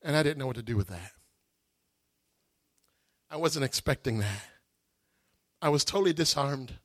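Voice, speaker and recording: A male preacher giving an emotional, animated sermon testimony that rises to shouts. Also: medium pitch, moderate pace, dry recording, clean studio sound.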